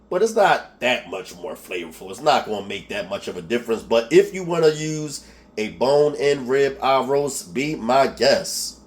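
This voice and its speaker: With a mid-range, darkish voice, a Philly-accented cooking show host walks viewers through a home recipe. He chats casually, chuckles at himself, and often asks "okay?".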